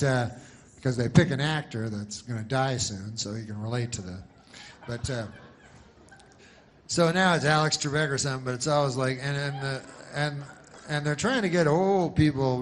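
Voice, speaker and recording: A male stand-up comedian telling jokes in a deadpan, rambling way, full of restarts and filler. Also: medium pitch.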